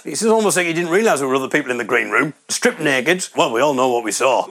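A comedian tells wry, rambling, self-deprecating stories about his gigs in a comic monologue. His mid-range voice is expressive and fairly bright, moving fairly quickly with hardly any pauses.

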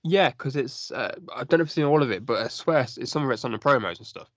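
A man's voice: medium pitch, animated, fast, fairly bright tone, dry recording. A man co-hosting a wrestling review show, chatting in a hesitant way. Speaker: podcast co-host. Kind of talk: casual chat.

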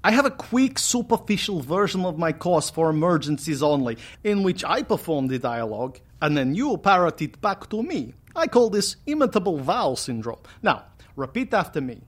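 A man playing a pompous, self-important male accent coach who boasts in a deadpan way. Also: on the high side, moderate pace. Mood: instructing.

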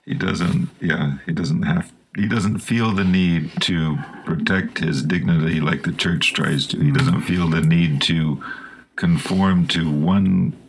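A man hosting a conversation, responding in a slow, thoughtful way. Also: sits low, fairly even intonation, a little hiss or hum, rough recording. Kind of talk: reflective conversation.

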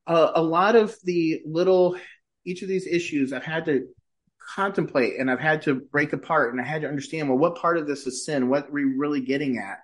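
A middle-aged man, a podcast guest, telling a personal story in casual conversation and lifting his voice when he quotes himself. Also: a little fast. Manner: animated, shifts pitch when quoting himself.

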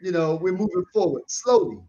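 A man in a casual debate who talks in a measured way and hedges a lot with "you know". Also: high voice, lively intonation, mellow, a little hiss or hum. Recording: dull lo-fi sound.

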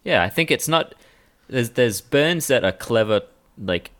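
Brief: male co-host, mid pitch, relaxed dry commentary. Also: a little slow. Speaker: podcast co-host. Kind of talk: casual chat.

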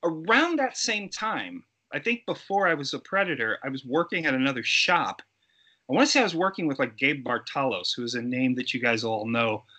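A middle-aged man, a guest actor, telling lively stories in a casual interview and acting out the people he quotes. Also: fairly high pitch. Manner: animated, acts out quoted voices. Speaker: guest actor and effects artist.

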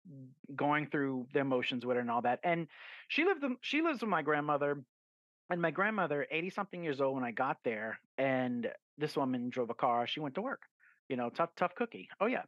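A man spins a long, rambling story with plenty of fillers and restarts, acting out what he said along the way. His voice sits in a middle pitch. The sound is dull and lo-fi, in a dry space with no room echo. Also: sing-song, a little fast. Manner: acts out his own quoted lines. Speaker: guest author. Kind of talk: casual storytelling in a podcast interview.

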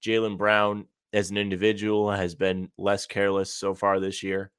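A man co-hosting a sports podcast, giving steady, measured analysis of a game. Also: on the low side, clear, resonant tone, no room sound, clean studio sound. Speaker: podcast co-host.

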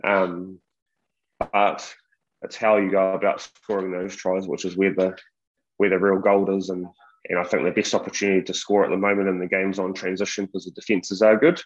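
A man with a New Zealand accent and a lowish voice talks through his thinking with earnest restarts and a friendly "mate" here and there. His sound is dull and lo-fi, the way a remote call sounds. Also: level tone, normal speed. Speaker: rugby defence coach. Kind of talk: podcast interview answers.

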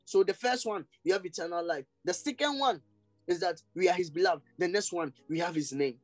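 High-pitched man, charismatic preacher, ecstatic, speaks in tongues, dry close sound, faint music underneath. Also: fairly quick, darkish tone, dry recording, rough recording. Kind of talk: charismatic sermon.

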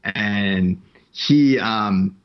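A man's voice: lowish voice, extremely slow, clean tone, muffled recording. A man casually telling a rambling, profane story, raising his voice to act out what others said. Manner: rambling, profane, acts out quotes in a raised voice.

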